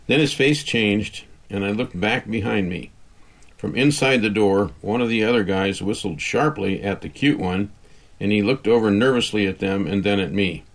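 A man with a low voice reads a first-person story aloud, wry and conversational. He keeps it easy, like he's telling it to a friend. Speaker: audiobook narrator. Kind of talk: first-person scripted narration.

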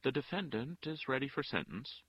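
A man voicing a composed woman lawyer who speaks calmly in a low, musical way. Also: normal speed, slightly rough, no echo, dull audio.

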